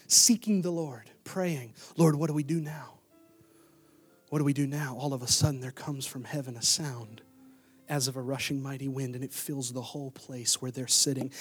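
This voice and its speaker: A middle-aged male pastor preaching a sermon in a church, swinging from loud bursts to hushed near-whispers. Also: medium pitch, breathy edge. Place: church sanctuary.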